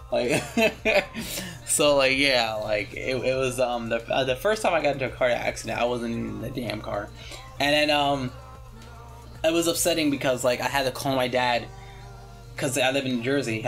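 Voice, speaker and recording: A man's voice: medium pitch, fairly bright tone. A young man hosting his channel and telling a story in a casual, rambling way, full of fillers and casual swearing.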